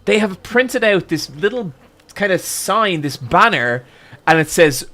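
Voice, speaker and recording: Swearing, animated young male storyteller. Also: high voice, measured pace. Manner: animated, swearing, with frequent restarts and "I'm like" quotes. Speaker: streamer. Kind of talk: casual storytelling to a stream chat.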